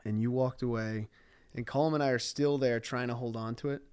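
A man's voice: medium pitch, fairly even intonation, brisk, darkish tone, clear, resonant tone. A man co-hosting a podcast, chatting casually in a giggly, rambling way full of fillers. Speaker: podcast co-host. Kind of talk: casual storytelling chat.

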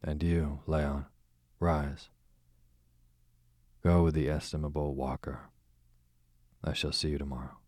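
A man reading an audiobook, voicing a languid aristocratic duke with a smooth, sarcastic drawl. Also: rumbling low, flat delivery, slow pace, long pauses, darkish tone, no echo, studio quality, full character voice. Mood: sardonic. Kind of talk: audiobook character voice.

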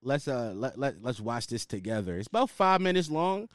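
A man's voice: mid-range voice, sing-song, moderate pace, no room sound, clean studio sound. A man hosting his own podcast, ranting in a loose, slangy, casual way. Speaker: podcast host. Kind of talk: casual solo podcast rant.

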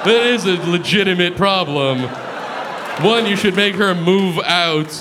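A man performs stand-up in a club, his voice a touch higher than most men's. He tells stories in a dry, deadpan way and slips into other people's lines. Audience and room noise sit clearly behind him. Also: a little slow. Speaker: stand-up comedian. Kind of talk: stand-up comedy set. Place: comedy club stage before a live audience.

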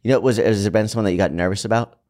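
Fast, low-voiced man chatting. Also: darkish tone. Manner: quick, offhand storytelling. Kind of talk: casual chat.

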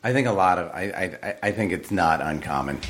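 A man guesting on a podcast, talking in halting, hesitant bits with many restarts. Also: deep voice, lively intonation, a bit bright. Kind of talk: casual chat.

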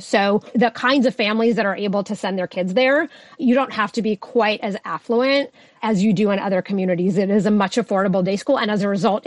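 A woman sociologist explaining her research concepts as a guest on a podcast, in a clear lecture-like way. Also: medium pitch, no echo. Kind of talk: podcast interview answers.

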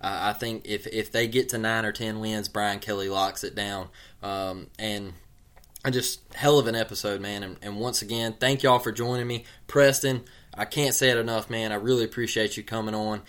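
Bright-voiced man hosting. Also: on the low side, steady tone, moderate pace. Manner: laid-back, drawling, says "man" a lot. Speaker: podcast host. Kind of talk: casual sports podcast chat.

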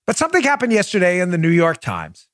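A man hosting a political talk show, delivering an emphatic, animated monologue full of rhetorical questions. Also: high-pitched, fast, no room sound, clean studio sound.

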